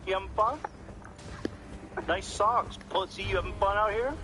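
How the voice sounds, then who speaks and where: Sneering male street heckler, put on by a man, higher than his own voice, repetitive jabs. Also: moderate pace, noisy background, natural voice. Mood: mocking.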